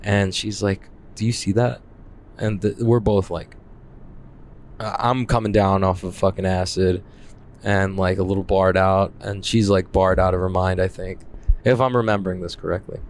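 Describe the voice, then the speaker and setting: A man's voice: deep voice, flat delivery, moderate pace, a little hiss or hum. A young man telling a spooky personal story in casual talk, rambling with many fillers and frequent swearing.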